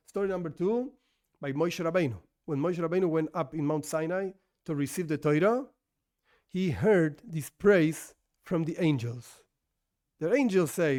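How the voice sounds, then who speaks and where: A rabbi teaching an informal religious class, talking conversationally with rhetorical questions and frequent restarts, as a non-native English speaker. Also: male voice, fairly high pitch, a little mellow. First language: not English.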